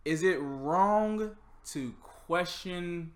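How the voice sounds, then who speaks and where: A man's voice: high voice, drawn-out words. A man in casual chat, joking but hesitant, often searching for words.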